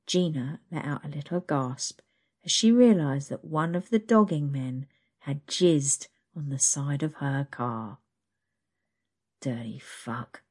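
A woman narrates an adult story in a slow, intimate reading voice. Her pitch is notably low for a woman, giving the telling a deep, close feel. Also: husky.

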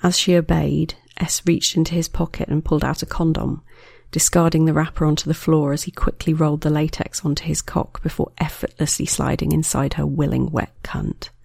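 A narrator reading a scripted erotic story in a measured, unhurried way. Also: medium pitch, little pitch movement, gravelly, darkish tone, slightly rough, no room sound, clean studio sound.

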